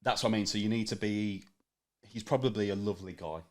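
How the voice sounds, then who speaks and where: A man's voice: on the low side, quick pace. A man with a Birmingham accent, a podcast guest in casual, sweary banter. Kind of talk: casual chat.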